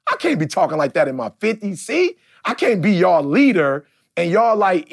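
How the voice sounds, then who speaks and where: An emphatic man in his forties drives home his point on a podcast, stopping often to ask "see?". His voice sits a bit high and comes out husky. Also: sing-song, normal speed. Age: 40s. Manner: emphatic, preachy, keeps asking "see?". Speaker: podcast host. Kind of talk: casual podcast talk.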